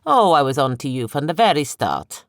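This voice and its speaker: A sneering, arrogant male colonel with an Italian-like accent, put on by an audiobook narrator. He speaks slowly and condescendingly, stretching his words with disdain, in a slightly lower register. The recording is dry and close. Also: big pitch swings, a bit bright, no room sound. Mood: haughty. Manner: haughty, condescending, drawn-out. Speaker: audiobook narrator voicing a character.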